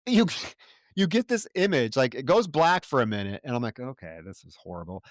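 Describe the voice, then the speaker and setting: A man's voice: fairly high pitch, sing-song, moderate pace, dry recording, clean studio sound. A man co-hosting a film review podcast, swearing freely and sounding exasperated as he recounts scenes. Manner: profane, exasperated, mocks characters' lines. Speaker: podcast co-host. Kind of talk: casual film review chat.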